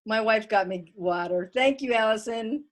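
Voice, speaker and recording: A woman's voice: a little high, moderate pace. Chatty woman giving a wellness talk. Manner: lively, chatty, plain-spoken analogies; reads viewer comments aloud. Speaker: wellness workshop speaker. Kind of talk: online wellness workshop talk.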